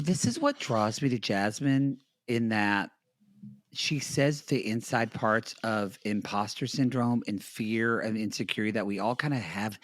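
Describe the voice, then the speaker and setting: A man from Oklahoma hosting a casual podcast chat, talking in an animated, rambling way and often breaking off his own sentences. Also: mid-range voice. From Oklahoma, United States. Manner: animated, rambling, self-interrupting. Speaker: podcast host.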